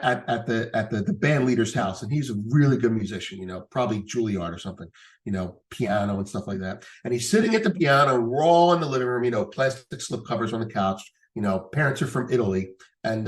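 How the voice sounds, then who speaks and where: Man telling a rambling story. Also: medium pitch. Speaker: podcast guest. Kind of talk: casual chat.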